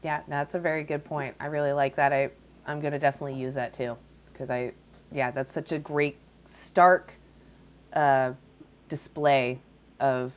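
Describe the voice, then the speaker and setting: A woman's voice: deep voice, fairly even intonation, moderate pace, long pauses. A woman hosting a live debate stream, challenging callers in a scolding, confrontational way. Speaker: livestream host debating callers.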